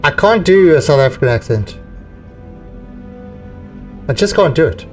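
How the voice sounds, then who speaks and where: A male game streamer giving excitable, joking live commentary while he plays and laughs often. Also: on the high side, unhurried, far from the mic, soft background music.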